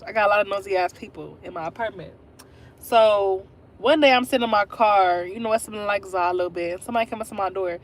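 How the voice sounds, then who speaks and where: Chatty young woman telling a story live. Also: mid-range voice. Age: 20s. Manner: chatty, talks straight to viewers. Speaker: livestream host. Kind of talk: casual livestream storytelling.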